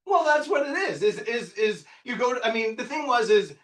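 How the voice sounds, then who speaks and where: A man in his fifties leading a live real estate training workshop, excitable and loud, quizzing the room and swearing freely. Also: very high-pitched, normal speed. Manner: excitable, loud, bursts into yelling; quizzes the audience, punchy and profane. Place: meeting room with a live audience. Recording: echoey room, picked up from a distance.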